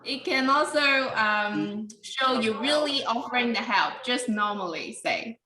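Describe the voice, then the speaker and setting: Woman, English teacher, slow pace, patient, calls on students, echoey room. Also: fairly high pitch, expressive, crowd noise. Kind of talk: teaching a pronunciation class.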